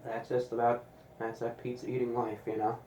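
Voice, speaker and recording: A man reviewing pizza in a deliberate, casual way, with dry sarcastic asides. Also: mid-range voice, monotone, darkish tone, reverberant, slight background noise, rough recording. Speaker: food reviewer.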